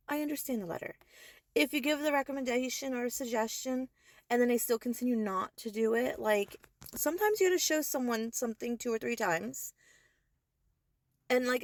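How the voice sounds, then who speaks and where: A young woman vents straight to her camera in a heated rant, swearing freely and hammering her points home. Her voice sits a little high for a woman, and she stays fired up without letting it boil over into yelling. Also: dry recording. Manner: heated, profane, emphatic. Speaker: vlogger. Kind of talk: angry social media rant.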